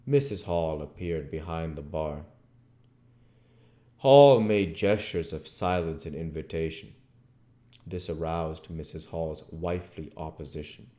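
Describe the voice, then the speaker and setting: A man reading a classic novel aloud as audiobook narration. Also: a bass voice. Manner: slow, expressive reading. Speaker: audiobook reader.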